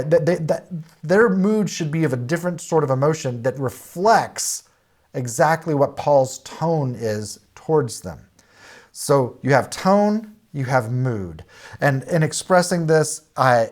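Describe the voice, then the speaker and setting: A man teaching a church Bible study lesson in a conversational way. He speaks plainly, often pauses on "uh," restarts phrases, and explains with lists of example words. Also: a little high, lively intonation. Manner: plain-spoken, with frequent "uh" and restarts.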